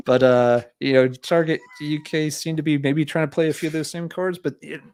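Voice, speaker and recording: A man's voice: a little high, fairly even intonation, moderate pace, darkish tone. A man hosting a podcast in casual chat, rambling with lots of fillers and self-mocking humor, a little worn from coughing. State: coughing a lot. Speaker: podcast host.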